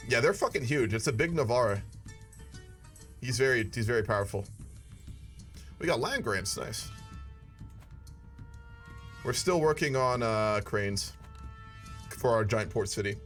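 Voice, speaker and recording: A man's voice: medium pitch, lively intonation, a little slow, long pauses, a bit bright, faint music behind. A man giving casual, profane gameplay commentary with wry asides. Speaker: gaming video creator.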